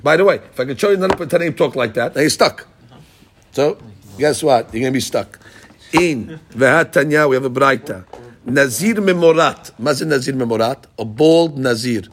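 A man's voice: medium pitch, expressive, normal speed, a little hiss or hum. A man teaching a daily Gemara class, asking rhetorical questions and mixing in Hebrew and Aramaic terms. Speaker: Talmud teacher.

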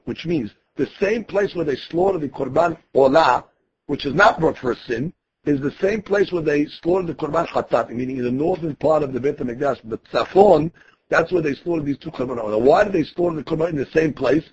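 A man with a fairly high, husky voice leads a daily Talmud class. He explains each phrase in a relaxed, conversational way and restarts sentences as he thinks. The recording sounds dull and lo-fi. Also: a little fast. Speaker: Talmud teacher.

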